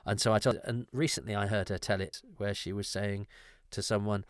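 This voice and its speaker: A man's voice: fairly low pitch, normal speed, a bit bright, no room sound, studio quality. A middle-aged man hosting a podcast, talking in a thoughtful, digressive way with frequent restarts. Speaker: podcast host. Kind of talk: conversational podcast discussion.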